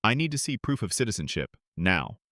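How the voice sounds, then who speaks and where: A man's voice: on the low side, sing-song, a little fast, sharp tone, dry recording, studio quality, exaggerated voice. A man voicing a curt, hostile male federal immigration agent who talks in blunt commands. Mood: curt, commanding.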